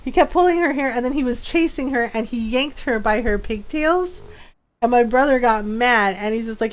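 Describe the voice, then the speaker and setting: A woman's voice: fairly high pitch, moderate pace. A woman streaming a game, chatting casually with viewers, telling stories and laughing often. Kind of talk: casual gaming stream chat.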